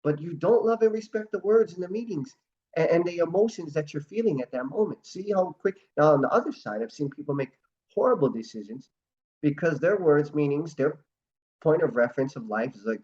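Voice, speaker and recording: A man's voice: fairly high pitch, animated, fairly quick, darkish tone, muffled recording. A man hosting an online motivational talk, telling stories earnestly and acting out quotes. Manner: earnest, storytelling, acts out quotes. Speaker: host.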